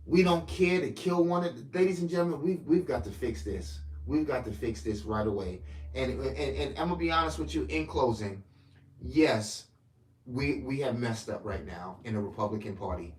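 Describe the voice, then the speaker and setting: A man delivering a profane ranting political monologue to camera, swinging between loud outbursts and low mutters. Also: lively intonation, moderate pace, reverberant. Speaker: political commentator.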